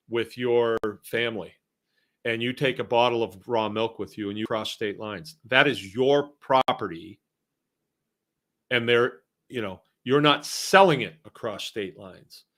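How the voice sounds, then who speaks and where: A middle-aged man from Massachusetts hosts a casual live stream, reading viewer comments aloud and rambling with chuckling asides. His voice is mid-range, unhurried and a bit bright.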